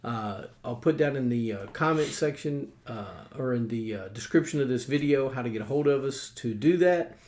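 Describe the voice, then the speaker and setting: A man's voice: mid-range voice, moderate pace, hardly any pauses, darkish tone. A man with a country accent, hosting a casual board game chat with a folksy, rambling manner full of fillers. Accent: American Southern rural. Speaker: host.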